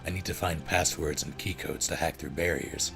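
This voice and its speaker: A man's voice: extremely low pitch, normal speed, vocal fry, over music. A man voicing a young female thief who pleads urgently in clipped, broken phrases.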